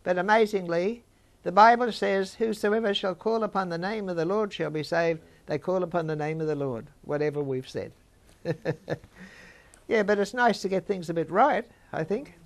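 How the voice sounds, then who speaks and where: Gravelly older woman teaching. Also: lowish voice, normal speed. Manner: conversational, chats with listeners. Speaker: Bible teacher. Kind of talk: informal Bible teaching.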